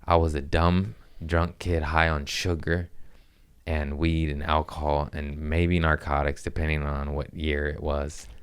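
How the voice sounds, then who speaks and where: A man with a very deep voice chats loosely on his comedy podcast. He is high and keeps cracking himself up. His talk wanders in a self-mocking, giggly way. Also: little pitch movement, unhurried, smooth. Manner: giggly, stoned, self-mocking with bursts of laughter. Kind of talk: casual rambling chat.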